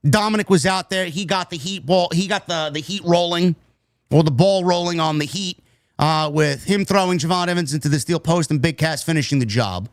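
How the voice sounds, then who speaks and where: A man's voice: on the high side, fairly quick, no room sound, clean studio sound. A man reviewing a wrestling show in a casual, rambling way, swearing freely and drifting into tangents. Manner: profane, nostalgic, tangent-prone.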